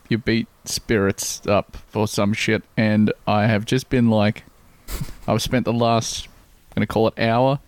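Co-host: man, gravelly mid voice, dry close sound, profane and rambling. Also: lowish voice, a little mellow, no echo. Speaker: podcast co-host. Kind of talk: casual comedic podcast chat.

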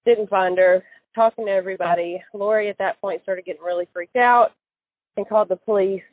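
A woman's voice: medium pitch, fairly even intonation, a little fast. A woman recalling events in an interview, hesitant, with many fillers and restarts. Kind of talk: casual recorded interview. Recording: tinny phone-line sound, dry.

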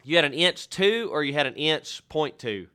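A man's voice: fairly high pitch, animated, normal speed, pushed and bright, clean tone. A man hosting a podcast, rambling and joking in casual banter, often cutting himself off mid-sentence. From Texas. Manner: joking, rambling, self-interrupting. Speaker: podcast host.

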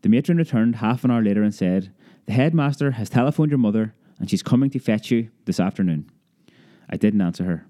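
A man reading a childhood memoir aloud as an audiobook, lively storytelling that raises his pitch for a child's cries. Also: fast talker, few pauses. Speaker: narrator.

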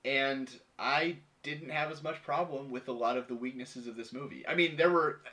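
A man co-hosting a casual movie review podcast, animated and laughing, acting out quotes as he talks. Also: mid-range voice, normal speed. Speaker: podcast co-host.

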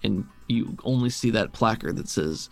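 A man narrating a tabletop game as game master in a relaxed, descriptive way with many fillers. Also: on the low side, normal speed, vocal fry, faint music behind.

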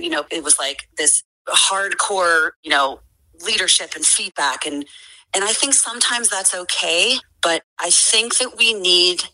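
Low-voiced woman in her forties, bright tone. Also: rough recording. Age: 40s. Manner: earnest, full of fillers and restarts. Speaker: podcast guest. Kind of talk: casual conversation.

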